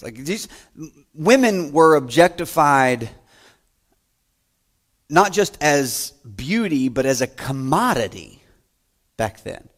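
A man preaching a sermon, telling stories with loud quoted lines and quiet trailing asides. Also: fairly high pitch. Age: adult, grew up playing school basketball. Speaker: pastor.

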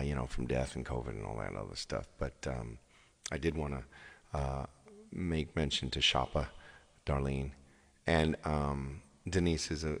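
A man singer live-streaming to his viewers, chatting casually and rambling, often repeating his phrases. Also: a bass voice. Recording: long hall reverb, faint music behind.

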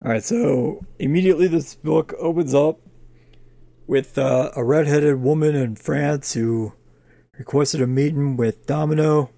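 Gravelly, ranting man with a low, dark voice. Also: unhurried, dry recording. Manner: ranting, exasperated, heavy swearing. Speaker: comic review podcast co-host. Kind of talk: casual profane chat.

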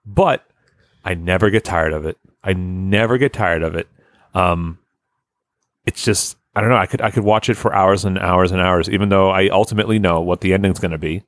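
Low-voiced man, rambling excited fan chat, dry close sound. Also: no room sound. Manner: rambling, enthusiastic, swears often. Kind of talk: casual chat.

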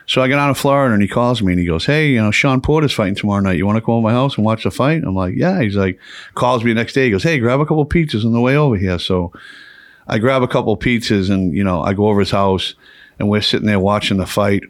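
A man's voice: medium pitch, fast talker, dry recording, clean studio sound. A man hosting a podcast, telling a long story in a casual, rambling way, swearing and laughing often. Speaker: podcast host.

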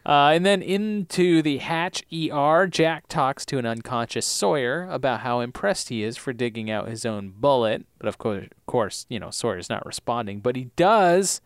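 Animated man recapping TV shows. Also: mid-range voice, normal speed, hardly any pauses, clear, resonant tone, no echo, clean studio sound. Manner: animated, laughs often, acts out characters' lines. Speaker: podcast co-host. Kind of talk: casual chat recapping TV episodes.

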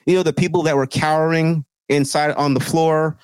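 A man's voice: a little high, fairly even intonation, normal speed, darkish tone, smooth, no room sound. A man co-hosting a podcast, talking politics in casual, profane, sarcastic chat. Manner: profane, sarcastic, mocking quoted voices. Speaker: podcast co-host.

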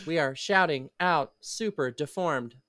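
A woman hosting a podcast in casual chat, playful and quick to laugh, close on a studio microphone. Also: sits low, fairly bright tone, no room sound. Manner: giggly, playful. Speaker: podcast host.

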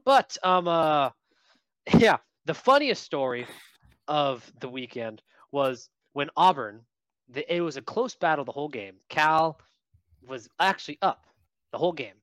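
A man co-hosting a casual sports podcast, telling lively stories about what he saw at a game. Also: on the high side, measured pace, clear, resonant tone, no echo. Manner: lively anecdotal storyteller. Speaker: podcast co-host.

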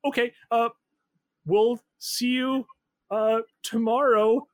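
Scared young man, halting and hesitant, played by a man. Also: high voice, animated, dry recording, voice pushed up, full character voice. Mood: nervous.

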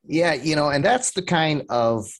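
A man's voice: on the high side, lively intonation, measured pace. Male podcast host asking questions. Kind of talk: interview questions.

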